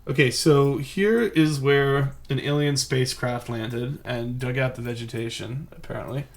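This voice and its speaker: Male game streamer, mid-pitched voice, rambling live commentary, self-mocking and thinking aloud. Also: moderate pace.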